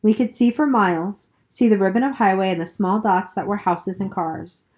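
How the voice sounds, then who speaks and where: A woman reading a novel aloud in a steady first-person narration, with the occasional slip. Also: medium pitch, moderate pace. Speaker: reader.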